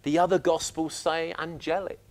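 A man preaching a sermon, telling the story with lively, acted-out reactions. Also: a little high, moderate pace. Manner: animated storytelling, acting out reactions.

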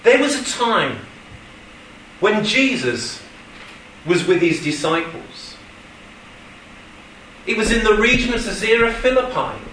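Man, pastor, sermon, high bright voice, slow delivery, echoey room, distant mic. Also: a little hiss or hum. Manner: animated storytelling with quoted voices.

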